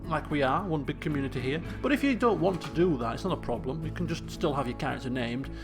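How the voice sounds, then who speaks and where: A streamer gives casual live commentary on a game, thinking aloud and chatting with his viewers. His voice is gravelly and sits somewhat high for a man, with faint music behind him. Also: expressive, fast.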